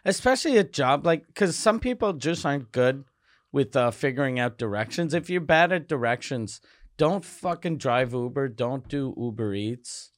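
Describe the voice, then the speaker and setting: A man's voice: medium pitch, animated, normal speed, no room sound, studio quality. A middle-aged man co-hosting a casual chat, telling stories with lots of swearing. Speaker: podcast co-host.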